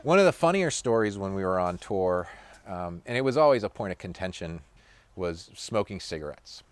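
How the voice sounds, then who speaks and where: A man's voice: low-pitched, animated, moderate pace, dry recording. A middle-aged man, a former touring punk musician, relaxedly recounting a tour story with many fillers. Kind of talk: storytelling anecdote.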